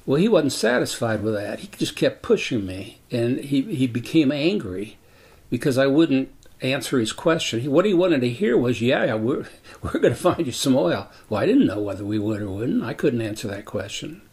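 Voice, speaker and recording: A man in his eighties telling a story from his working life in a measured, deliberate way. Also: mid-range voice, big pitch swings, a little mellow. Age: 80s. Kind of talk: personal storytelling.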